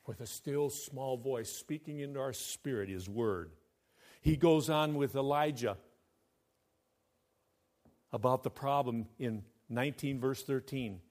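A man preaching a sermon as pastor, his delivery emphatic, moving between loud declaration and hushed, intimate asides. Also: mid-range voice, unhurried.

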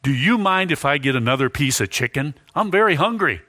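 A famished male politician, polite and pleading as he asks for another helping. A preacher acts him out with a bright, higher voice, recorded close and dry. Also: animated, a little fast, no echo.

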